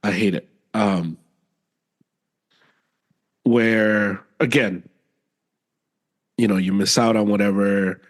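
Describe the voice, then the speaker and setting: Low-voiced man venting in casual chat. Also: slow, long pauses. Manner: animated, exasperated venting with repeated phrases. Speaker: podcast co-host.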